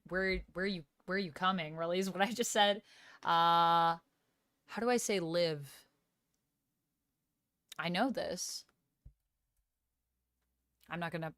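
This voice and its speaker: A Canadian woman with a fairly low pitch and fairly bright tone streams casually, reading out chat, responding, and experimenting with phrases with a light laugh. The sound is clean studio audio with no echo.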